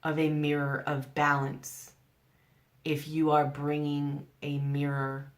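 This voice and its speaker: A woman's voice: deep voice, completely flat delivery, slow pace. A woman giving a general tarot reading to camera, earnest and coaxing, asking the listener one rhetorical question after another. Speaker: tarot reader.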